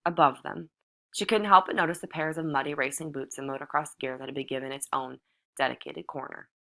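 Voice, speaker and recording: A woman reads a novel aloud in a measured, even manner. Her voice sits low and steady. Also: vocal fry. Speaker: audiobook reader. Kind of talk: novel narration read aloud.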